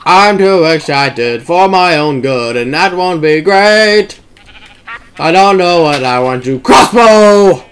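A man's voice: a little high, expressive, slow pace, slight background noise. Hyper young man rambling over gameplay. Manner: hyper, shouty outbursts, swearing, rambling. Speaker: gamer. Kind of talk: casual gameplay commentary.

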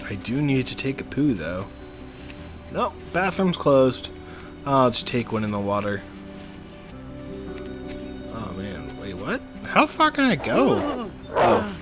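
A gameplay streamer offers casual let's-play commentary, playfully joking and often talking directly to the characters on screen. His medium-pitched voice swings hugely in pitch, and he speaks slowly with frequent pauses. Music plays in the background.

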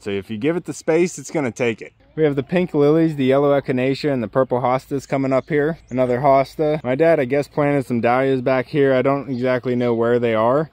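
A man's voice: mid-range voice, no echo. Chatty man touring his garden. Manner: chatty, talks to his chickens and dog between plant notes. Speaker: homestead gardening vlogger. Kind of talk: casual walking garden tour. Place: outdoors in a garden.

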